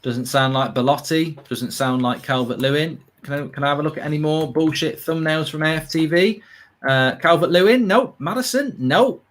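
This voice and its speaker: An English man co-hosting a live football watchalong, chatting casually with animated, sweary banter and loud outbursts. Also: on the high side, moderate pace. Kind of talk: casual live match chat.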